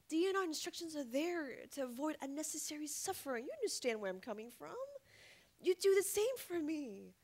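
A woman acting as a scheming wife who poisoned her husband, sugary and falsely sweet, in a live stage musical. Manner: sugary and falsely sweet, turns shrill when cornered.

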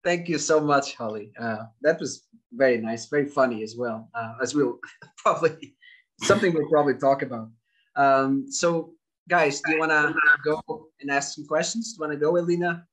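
Guy hosting a talk, kinda high voice, lots of uhs and ums. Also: moderate pace, fairly bright tone. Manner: hesitant, with filler sounds. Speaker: host. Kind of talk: hosting an online literary talk.

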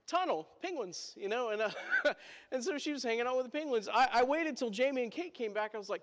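Pastor guy telling a story in his sermon, kinda high voice, lots of asides to the church, big hall echo. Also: fast talker. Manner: chatty anecdotes with asides to the congregation.

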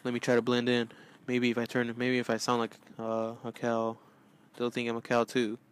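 Male host, goofy let's play commentator, excitable, prone to yelling, mid-pitched voice. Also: normal speed, clean tone. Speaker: gaming channel host.

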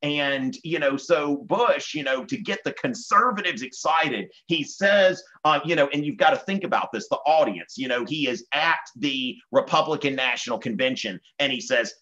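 Male history teacher with a Southern US accent, chatty lecture full of fillers, bright tone, muffled lo-fi sound. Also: on the high side, normal speed, few pauses. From Virginia. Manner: conversational, many fillers, animated quotes. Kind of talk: online exam-prep lecture.

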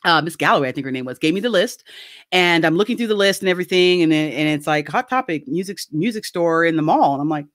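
A middle-aged woman telling a casual story on a video call, animated and laughing often as she acts out quoted voices. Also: on the low side, fast talker, no echo, studio quality. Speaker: guest.

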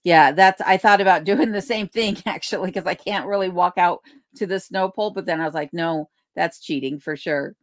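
A woman's voice: fairly low pitch, moderate pace, no room sound, studio quality. A woman hosting a casual livestream from her home in remote Alaska, reading out viewer comments, thanking people by name and laughing easily. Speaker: livestream host. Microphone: desk microphone.

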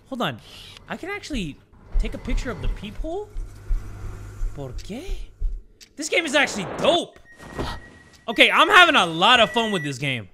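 A young man narrates a horror game for his audience in a lively, jumpy voice that leaps upward whenever something spooks him. His tone is bright and a touch tense, full of jokes and swearing. A faint hiss with small clicks sits under the recording. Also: very high voice, moderate pace, long pauses. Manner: excitable, swearing, jokey, talks to viewers. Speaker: gaming YouTuber. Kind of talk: let's play commentary.

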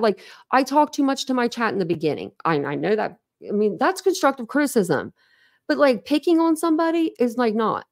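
A woman's voice: fairly high pitch, animated, brisk. A woman hosting a casual livestream, rambling candidly to her chat, laughing often and poking fun at herself. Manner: laughs often, self-deprecating. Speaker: livestream host.

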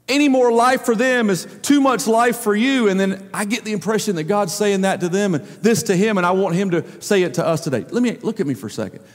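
A man preaching a sermon as pastor, swinging between loud emphatic lines and low quiet ones. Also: in a large hall.

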